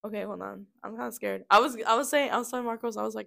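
A woman's voice: fairly high pitch, lively intonation, moderate pace, creaky, pauses often, fairly bright tone. A young woman co-hosting a casual chat, talking and giggling while she eats snacks. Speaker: co-host.

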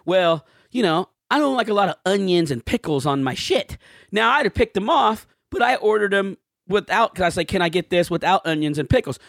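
Laughing, lively-pitched man telling stories. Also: fairly quick, creaky, no echo, studio quality. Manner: animated storyteller, laughs often, swears. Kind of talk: casual chat.

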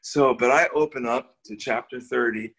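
An older man, a guest in an interview, tells a personal story in a casual, animated way, often restarting words and chuckling as he goes. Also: mid-range voice, normal speed.

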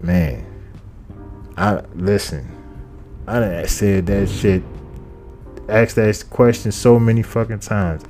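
Deep-voiced profane podcast host. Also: male voice, slow pace, long pauses, a little mellow, faint music behind. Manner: profane, rambling, repeats phrases. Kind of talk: casual comedic monologue.

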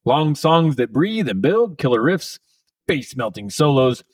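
A man's voice: a little high, big pitch swings, unhurried, darkish tone, dry recording, far from the mic, rough recording. Man reading a fervent album review. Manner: fervent list-like delivery. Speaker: podcast co-host.

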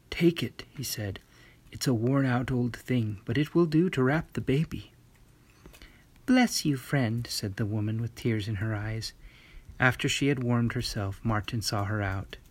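A man reads a storybook tale aloud, his voice husky with a touch of breath. He tells it in a gentle, measured way. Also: medium pitch. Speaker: narrator. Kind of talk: storybook narration.

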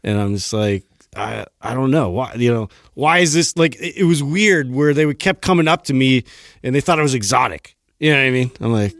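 A man's voice: medium pitch, expressive, fairly quick, fairly bright tone, no room sound, studio quality. A man with a Californian surfer accent, co-hosting a podcast in laid-back, laughing casual chat. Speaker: podcast co-host. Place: podcast studio.

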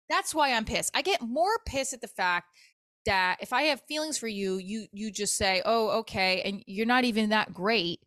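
A middle-aged woman comedian hosting her own podcast, talking alone at a medium pitch. She vents in a candid, profane, exasperated way, with an animated storytelling manner. The sound is dry and close. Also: no room sound. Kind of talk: candid solo podcast venting.

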